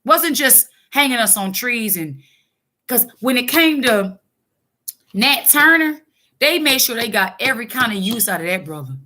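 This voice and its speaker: Woman preaching on her vlog, high voice, blunt and fired up, keeps restarting. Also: sing-song, moderate pace, pushed and bright. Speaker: online commentator. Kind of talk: fiery religious commentary vlog.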